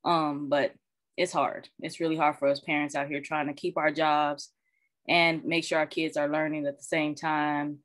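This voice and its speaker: A woman who is a parent and social worker, talking candidly and colloquially in casual chat, animated when she retells what others said. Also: low-pitched, normal speed, no room sound. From Arizona. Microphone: video call.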